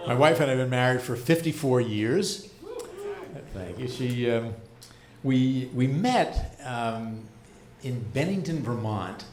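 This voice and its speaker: An American man in his seventies works a comedy club stage with a dry, deadpan stand-up delivery, holding for a beat before each punchline. His voice sits at an ordinary middle pitch. The live room adds a roomy echo around him. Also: slow pace, slight background noise. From United States. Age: 70s.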